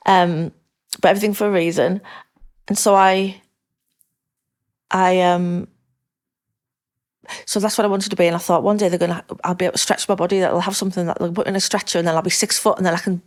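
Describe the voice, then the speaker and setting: A woman's voice: lowish voice, flat delivery, brisk. A middle-aged woman with a Northern English accent, a podcast guest chatting candidly and rambling a little, laughing easily. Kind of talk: casual interview chat.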